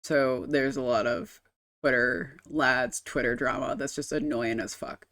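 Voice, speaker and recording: A woman's voice: extremely low pitch, fairly even intonation, a little slow, a bit bright. A woman game streamer chatting casually on a live stream, rambling and explaining with casual swearing.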